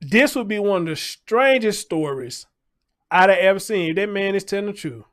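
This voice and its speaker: A man's voice: high-pitched, animated, moderate pace, a bit bright. A man hosting a livestream, talking loosely in casual commentary, repeating his points and greeting viewers in the chat.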